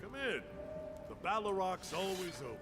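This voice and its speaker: A man's voice: sits high, very animated, unhurried. An actor voicing a curt, businesslike male tavern keeper who sells information in a video game. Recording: game audio under music.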